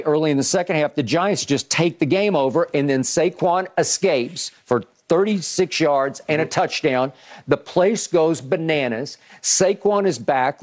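A man's voice: fairly high pitch, darkish tone. Emphatic sports talk host, man. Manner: emphatic, repeats words at starts, rhetorical questions. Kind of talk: animated football analysis chat.

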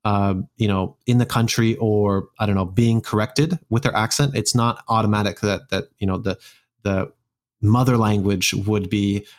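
A man's voice: fairly low pitch, fairly even intonation, normal speed. A man talking casually as a guest, rambling with many restarts and fillers. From United States. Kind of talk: casual conversation.

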